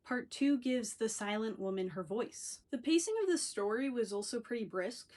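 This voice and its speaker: A young woman with a slightly high voice gives a casual book review vlog. She talks in a loose, chatty, wry way, as if freestyling her thoughts. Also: expressive, normal speed, a little mellow.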